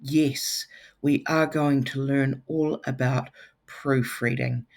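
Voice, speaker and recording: This is a New teacher speaking to a class of children. The pace is unhurried and the voice has a gravelly rasp. The delivery is playful, with teasing jokes tucked between the lesson points. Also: mid-range voice, flat delivery.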